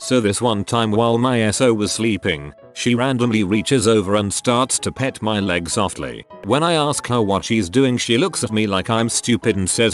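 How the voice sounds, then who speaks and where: A man reading online posts aloud as scripted narration, lively and expressive with dry asides. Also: lowish voice, moderate pace, few pauses, faint music behind.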